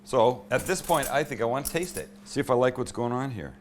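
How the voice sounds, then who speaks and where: A man's voice: medium pitch, lively intonation, fairly quick, slight background noise. A man hosting a cooking show from his indoor home kitchen, chatty and irreverent as he demonstrates a recipe.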